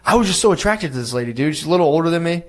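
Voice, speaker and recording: A man's voice: a little high, lively intonation, very fast. A man on a podcast telling a crude story in a loose, rambling way, calling everyone "dude" as he goes. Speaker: podcast guest. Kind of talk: casual storytelling chat.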